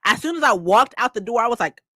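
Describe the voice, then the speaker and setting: Lively, bright-voiced young woman chatting. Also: a little high, fast talker, slightly rough, no room sound. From California. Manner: chatty, swearing, laughing a lot. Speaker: streamer. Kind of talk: casual chat.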